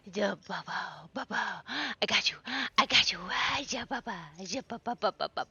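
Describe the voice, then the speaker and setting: A woman streaming a game live who breaks off to coo at her dog in high baby talk, swearing casually in between. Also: unhurried, sharp tone, husky, no room sound, highs cut off. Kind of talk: live gaming stream chat.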